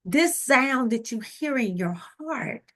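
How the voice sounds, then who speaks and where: A woman with a Southern US accent giving a slow, emotive devotional talk about a hymn, often calling out to her listeners. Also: a little high, expressive, a bit bright. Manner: slow, tender, emotive delivery addressing listeners as y'all. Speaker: ministry speaker and recording artist.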